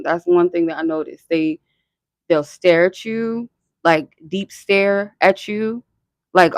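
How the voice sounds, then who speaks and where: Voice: medium pitch, no room sound, muffled recording. A channel host talking in a casual, rambling and profane way, full of "like" and laughter. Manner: frequent filler "like" and laughter. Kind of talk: casual chat.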